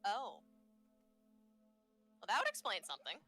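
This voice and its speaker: Bright-voiced giggly woman player. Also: mid-range voice, wildly swooping pitch, unhurried, slightly rough, dry recording, faint music behind. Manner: giggly, chatty, playful. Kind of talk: tabletop role-play chat.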